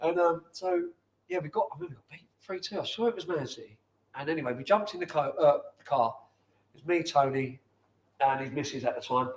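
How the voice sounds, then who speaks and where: A middle-aged man, a former footballer telling rambling, lively anecdotes as an interview guest in a bar. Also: on the high side, quick pace. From London. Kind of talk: casual storytelling over a pint. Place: bar, indoors.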